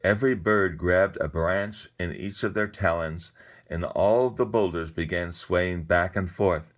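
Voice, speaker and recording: Male storyteller, deep voice, expressive storybook reading. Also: unhurried. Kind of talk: reading a children's story aloud.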